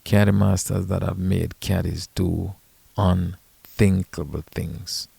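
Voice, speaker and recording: A caddy and podcast host telling stories in a blunt, profane, emphatic casual rant. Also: male voice, deep voice, flat delivery, slow, vocal fry, mellow, husky, no echo.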